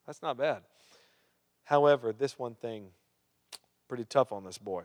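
A man's voice: medium pitch, measured pace, pauses often. A man preaching a sermon, reading scripture aloud and breaking off to question and joke with the congregation. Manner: reads scripture, then asks the crowd questions and jokes. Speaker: pastor. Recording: long hall reverb.

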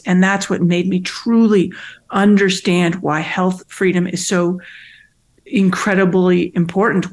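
A middle-aged woman being interviewed, telling her story in an animated, earnest way with emphatic repeats and frequent restarts. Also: fairly low pitch. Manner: animated storytelling, acts out quoted voices. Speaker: guest, nonprofit founder. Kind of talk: conversational interview.

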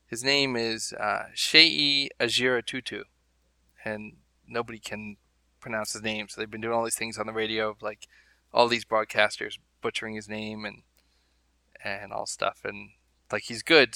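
A man's voice: fairly low pitch, vocal fry, sharp tone, clean tone, dry recording. A man co-hosting a podcast, chatting casually and rambling with amused asides. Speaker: podcast co-host. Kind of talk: casual chat.

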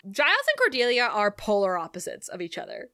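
A woman co-hosting a podcast, recapping a TV episode in casual chat, animated and laughing often as she acts out the quoted lines. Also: on the high side, a little fast, clean tone, no room sound, studio quality.

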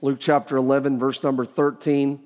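A man's voice: medium pitch, flat delivery, normal speed, a little mellow. A middle-aged male pastor delivers a sermon in a mid-range voice, talking to the congregation in an earnest, conversational way and often restarting his sentences. His voice rings out through the long reverb of a large sanctuary.

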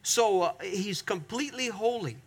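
High-voiced, gravelly pastor preaching earnestly. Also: male voice, lively intonation. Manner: earnest, emphatic preaching with repeated appeals to the congregation; slows down sharply on key phrases. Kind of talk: sermon.

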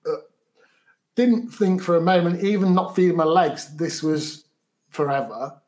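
A man, a guest in an interview, recounting a story in a halting, matter-of-fact way with many repeated words. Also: a little high, darkish tone.

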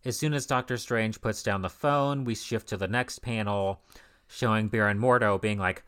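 A man's voice: on the low side, normal speed, a bit bright, smooth. A man co-hosting a podcast, casually recapping an old comic with dry, sarcastic, profane commentary. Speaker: podcast co-host. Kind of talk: casual comic book discussion.

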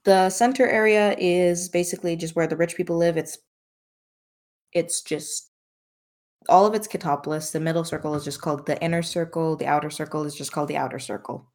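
A woman narrating as game master of a tabletop role-playing game, relaxed and loose with fillers. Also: sits low, a little fast.

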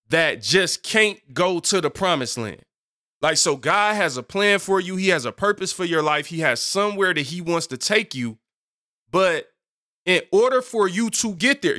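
A man in his thirties preaching a sermon in an animated, conversational way, with many asides to the congregation. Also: high voice. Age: 30s. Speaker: pastor.

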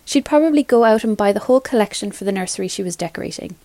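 A woman reads a story aloud in a measured, clear voice at a middle pitch. The sound is dry and close, with no room around it. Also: expressive, warm tone, no echo. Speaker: reader. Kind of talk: storybook reading.

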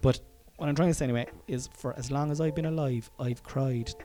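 A man's voice: medium pitch, fairly even intonation, fairly quick, mellow. An Irish man telling a personal story in a casual monologue, frank and profane, chuckling often and wandering into asides.

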